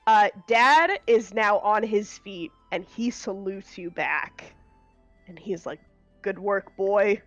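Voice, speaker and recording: A woman running a tabletop game as game master, narrating in an unhurried way with frequent fillers and laughs. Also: medium pitch, a bit bright, lo-fi sound, soft background music.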